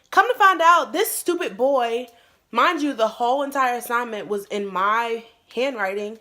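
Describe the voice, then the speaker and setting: A young woman recounts a school story in casual, slang-filled chat. Her voice is bright and a little high. She acts out the quotes with punch. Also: normal speed. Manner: animated, acts out quotes in a louder voice; slangy, lots of "like" and "bro". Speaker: YouTuber.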